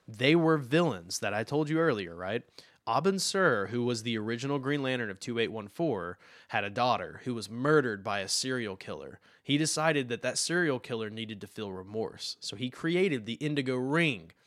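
A man in casual chat who explains comic lore with enthusiasm, often trailing off quietly. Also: mid-range voice, expressive, normal speed, no echo, studio quality. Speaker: podcast co-host explaining comics.

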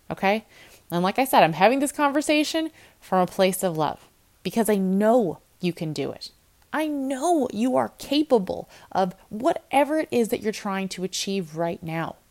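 A woman who works as a nutrition coach and hosts a podcast, giving a blunt, tough-love motivational talk in a casual, direct way. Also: mid-range voice.

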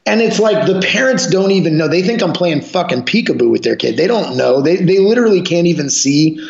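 A man's voice: fairly high pitch, expressive, fairly quick, creaky, darkish tone. A man talking as a guest on a casual podcast, swearing freely and telling blunt stories about coaching. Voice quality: profane, blunt storytelling. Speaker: guest, jiu-jitsu gym owner and coach. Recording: echoey room, dull lo-fi sound.

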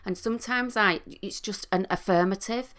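A middle-aged woman, a coach and trained therapist, explaining listening skills in a calm, teaching manner. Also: mid-range voice, moderate pace. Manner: calm, explanatory, with sing-song demonstrations. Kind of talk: talking to camera, teaching.

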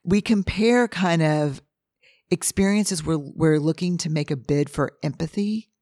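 A hoarse woman hosting a podcast, telling animated stories in a casual monologue and acting out what people said. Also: low-pitched, a little slow, dry recording, studio quality. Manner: animated storyteller who acts out quotes, with frequent restarts. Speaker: podcast host and researcher. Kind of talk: casual monologue answering listener questions.

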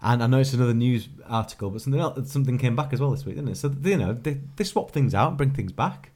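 A man's voice: mid-range voice, animated, fast, a little mellow. A British man co-hosting a casual podcast, chatty and stumbling over his words. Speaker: podcast co-host. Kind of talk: casual chat.

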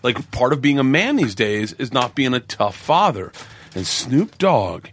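Animated middle-aged man telling stories. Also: mid-range voice, a little slow, slight background noise. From American South. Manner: animated storyteller, acts out quotes. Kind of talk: casual chat.

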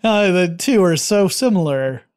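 A man's voice: high-pitched, expressive, measured pace, darkish tone, smooth. A man co-hosting a podcast, chatting casually and enthusiastically, with plenty of fillers. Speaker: podcast co-host. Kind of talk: casual chat.

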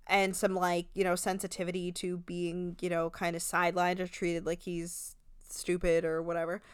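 A woman co-hosting a podcast, recapping a reality show in casual, animated chat, swearing freely and acting out quotes. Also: lowish voice, moderate pace, clean tone, no echo, clean studio sound.

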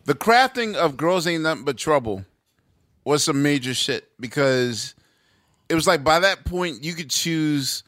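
A man's voice: on the high side, animated, a little slow, fairly bright tone, no room sound, clean studio sound. A man hosting a casual interview, enthusiastically breaking down music with spoken examples. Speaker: podcast host.

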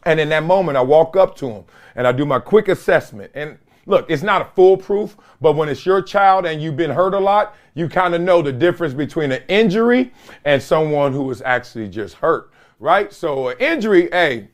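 A middle-aged man hosting his own podcast, with a voice a touch higher than most men's. He tells stories emphatically and drives his points home with repeated lines and casual slang. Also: lively intonation, moderate pace. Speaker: podcast host. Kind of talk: solo podcast monologue.

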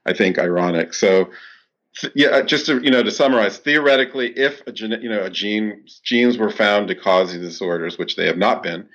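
A clinical psychologist answers interview questions, explaining at length with plenty of fillers and restarts. His voice sits on the low side, brisk and fairly bright, and the lo-fi sound is dull.

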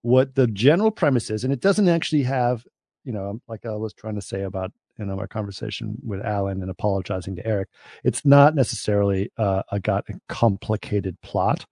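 A man co-hosting a casual podcast chat, telling a rambling anecdote and getting animated when he quotes people. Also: on the low side, a little fast, no room sound, clean studio sound. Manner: rambling storyteller, animated when quoting others. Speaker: podcast co-host.

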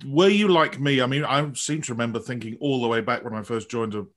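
A man hosting an interview podcast, chatty and quick to laugh. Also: medium pitch, a bit bright. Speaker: podcast host. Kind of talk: conversational interview.

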